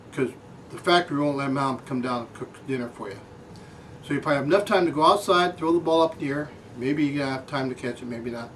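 A man delivers a mock classroom lecture in a dry, deadpan manner, addressing his audience as though they were small children. His voice sits at an ordinary pitch and is picked up from some distance, with faint noise underneath. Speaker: comic lecturer.

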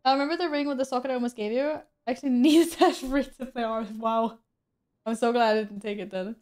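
A woman's voice: on the high side, steady tone, fast talker, a little mellow. Chatty woman streaming a game. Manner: chatty, self-mocking, laughs often. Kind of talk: casual gameplay stream chat.

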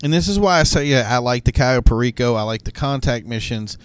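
Male gaming commentator, average pitch, casual and rambling, chatty gameplay talk. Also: lively intonation, brisk, smooth. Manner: rambling, thinks aloud with fillers and restarts. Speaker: gaming YouTuber.

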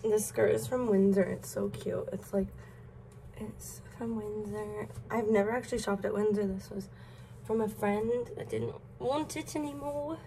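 Young woman, early twenties, vocal fry, mellow tone, blunt and profane, rambling. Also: medium pitch, a little slow, slight background noise. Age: early 20s. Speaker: vlogger. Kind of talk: get-ready-with-me chat. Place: at home, getting ready. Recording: echoey room, distant mic.

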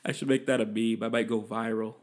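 Profane rambling man. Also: fairly low pitch. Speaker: podcast host. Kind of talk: casual solo monologue.

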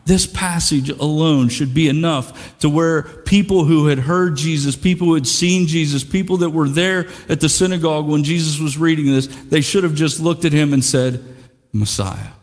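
A man's voice: a little high, in a large hall. A man preaching a sermon in a conversational way, repeating words and restarting as he goes, and acting out the quotes. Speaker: pastor. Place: church sanctuary.

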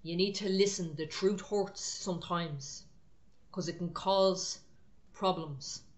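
A woman's voice: lowish voice, slow pace. A woman preaching a sermon, firm and exhorting in a conversational way.

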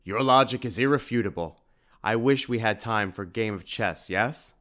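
A big, growling shopkeeper speaks in stiff, old-world phrases, as a man reading an audiobook puts him on. The voice sits low, with a rough, bear-like gruffness. He is raised and loud. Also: moderate pace, lightly acted. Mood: gruff. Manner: formal, old-fashioned phrasing.

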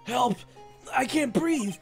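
A woman voicing a frantic, panicking man trapped in a small space, shouting desperate pleas. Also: high voice, expressive, takes it slowly, gravelly, soft background music, exaggerated voice. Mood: panicked. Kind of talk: reading game text aloud in character.

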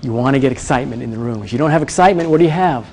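A man teaching presentation skills to a live audience, energetic and demonstrative, often quizzing the room. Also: mid-range voice, very fast, a little hiss or hum. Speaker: presentation coach. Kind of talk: live workshop talk.

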